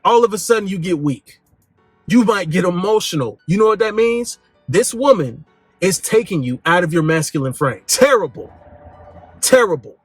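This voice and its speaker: A man hosting a dating advice talk, speaking bluntly in slang and swinging his pitch up and down for emphasis. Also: expressive, normal speed, breathy edge, dry recording, faint music behind. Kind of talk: casual direct-to-camera monologue.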